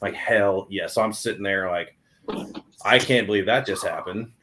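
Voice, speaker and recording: A young adult man telling a hunting story on a podcast in an excited, animated way, with many restarts. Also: lowish voice, moderate pace, noisy background. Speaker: podcast guest. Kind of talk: casual storytelling.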